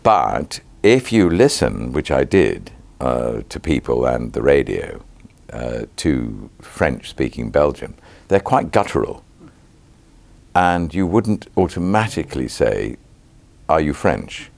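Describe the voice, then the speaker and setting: A British actor in his sixties answering interview questions in a measured, reflective way, pausing with ums and restarting phrases. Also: a bass voice, big pitch swings, creaky, a little mellow, no room sound. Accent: British English. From Britain.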